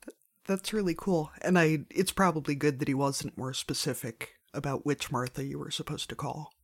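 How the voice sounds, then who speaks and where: A man's voice: on the high side, steady tone, normal speed. A man interviewing a guest, responding in an easygoing way with light humor. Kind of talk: casual interview reply.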